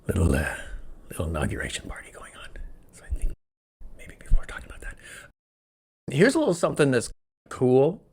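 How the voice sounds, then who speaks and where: A man hosting a solo podcast, talking in an excitable, rambling, jokey way from a room where he records alone. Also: fairly low pitch, gravelly, slightly rough. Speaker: podcast host. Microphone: podcast microphone, also filmed.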